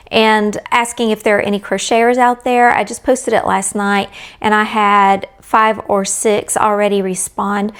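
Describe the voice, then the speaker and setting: A woman's voice: mid-range voice, smooth. A middle-aged woman chatting casually as a crochet vlogger, rambling in a friendly way and talking straight to her viewers.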